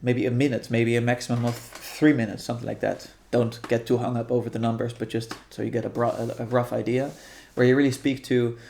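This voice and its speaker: In a gravelly voice of medium pitch, a guest who guides meditation calmly lays out how the practice will unfold. The talk is casual, and he thinks out loud, pausing thoughtfully, restarting often and leaning on fillers.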